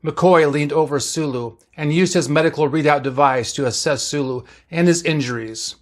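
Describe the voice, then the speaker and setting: A man's voice: on the high side, moderate pace. Man narrating a spoken story. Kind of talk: reading a fan science-fiction story aloud.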